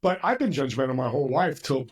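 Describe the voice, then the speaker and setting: A man's voice: medium pitch, fast, slightly rough. A man, a podcast guest, chatting casually and telling stories with acted-out voices. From California. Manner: animated storyteller, acts out voices. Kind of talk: casual conversation.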